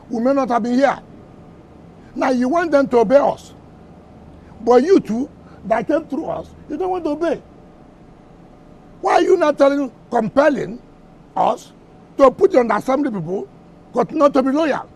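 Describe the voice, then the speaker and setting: A man's voice: very high-pitched, a little mellow, a little hiss or hum. A middle-aged Nigerian man answering reporters at a press briefing, combative and firing off repeated rhetorical questions. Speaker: government minister at a press briefing.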